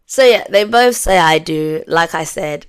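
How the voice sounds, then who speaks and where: A woman's voice: on the low side, animated, unhurried, clean tone. A young woman reviewing a reality show in casual chat, acting out her own reactions as she goes.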